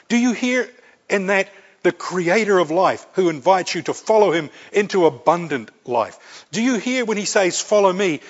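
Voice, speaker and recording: A man preaching a sermon, earnest and repeating key phrases for emphasis. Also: sits high. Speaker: pastor. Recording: dull lo-fi recording.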